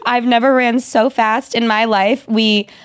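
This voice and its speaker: High-voiced woman telling an animated story. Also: unhurried, smooth, no echo. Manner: animated, acts out quotes in a squealing voice. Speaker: podcast co-host. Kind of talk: casual storytelling chat.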